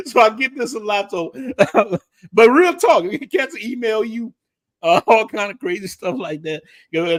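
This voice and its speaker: A man's voice: sits high, animated, a little slow. A man, telling slangy stories in a laughing, casual barbershop chat. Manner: loud laughing storyteller, slangy. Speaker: podcast host.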